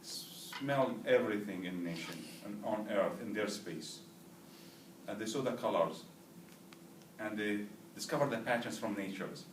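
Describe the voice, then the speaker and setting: A man's voice: on the low side, measured pace, slight background noise. Man teaching a class from afar. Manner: checks with "right?" and "understood?", has students repeat. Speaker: language teacher. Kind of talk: classroom lecture with drills. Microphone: far camera. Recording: roomy, distant classroom recording.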